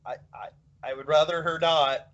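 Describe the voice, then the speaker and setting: A man's voice: on the high side, steady tone, moderate pace, fairly bright tone. A man co-hosting a casual podcast chat, rambling with many fillers and restarts. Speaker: podcast co-host. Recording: dull lo-fi podcast audio.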